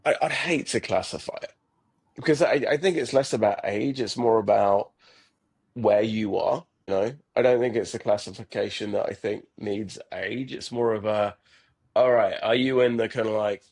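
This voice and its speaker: A middle-aged startup founder speaks as a podcast guest in a reflective conversational interview, his voice fairly low, a little mellow, with a breathy edge, at normal speed. He comes across earnest and thoughtful, often repeating words and restarting sentences.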